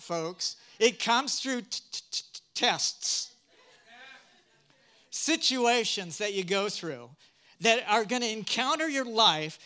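A male pastor delivers a sermon in a bright, fairly high voice. He mixes humor with his teaching and keeps drawing in the congregation with questions.

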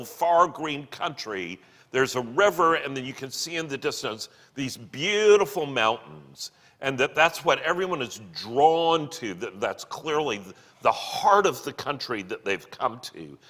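A man retelling and explaining a book chapter in an animated way, acting out the quotes. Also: mid-range voice, moderate pace. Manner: animated, acts out quoted lines. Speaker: teacher of a literature series. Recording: long hall reverb.

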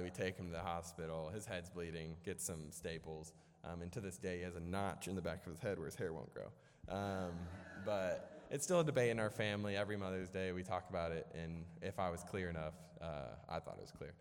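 A man's voice: low voice, brisk, a little hiss or hum. A young man from Illinois giving a storytelling sermon in a church hall, casual and rambling with lots of fillers and self-deprecating jokes. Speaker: preacher. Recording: echoey hall with long reverb.

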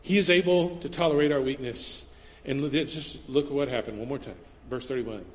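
A man's voice: mid-range voice, fairly quick, big-room sound. A man preaching a sermon as a pastor, in a casual, conversational way, acting out little quoted voices as he goes.

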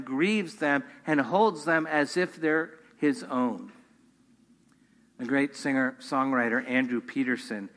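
With a medium-pitched, bright and forceful voice, a pastor preaches to his congregation. He's earnest and builds intensity on the key points, all carried by a long hall reverb.

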